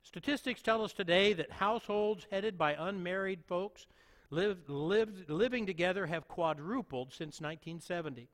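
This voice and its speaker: High-voiced man preaching in a reverberant space. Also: moderate pace, a bit bright. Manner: earnest preaching with repetitions for emphasis. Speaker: pastor. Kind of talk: sermon.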